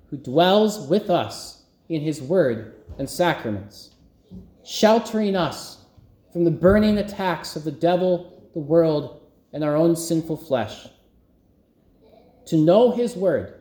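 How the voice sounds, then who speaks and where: A man preaching a sermon as pastor, slow and emphatic with long pauses. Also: on the high side, warm tone, echoey room.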